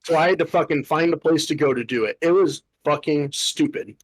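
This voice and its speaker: Here a young man hosting a podcast speaks a little high and fairly fast, the audio rough. He's ranting through a story, exasperated and casual, with plenty of profanity and filler "like"s.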